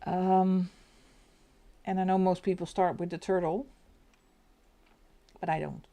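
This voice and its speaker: A woman with a lowish, dark, level voice speaks slowly in English with a Flemish accent, Dutch being her first language. She's hosting a live stream, chatting casually as she colours and giggling often.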